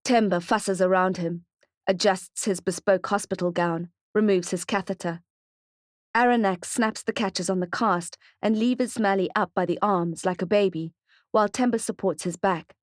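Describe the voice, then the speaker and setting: A woman reads a novel aloud at a measured, steady pace. Her voice sits mid-range for a woman. The studio recording is dry and close, with no room sound. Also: medium pitch, no echo. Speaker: audiobook narrator. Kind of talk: scripted narration.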